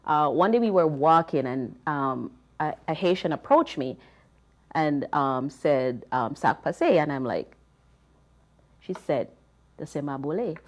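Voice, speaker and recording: Lively Jamaican woman, low voice. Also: measured pace. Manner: chatty, animated anecdotes with many fillers. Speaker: panel guest. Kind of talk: casual storytelling.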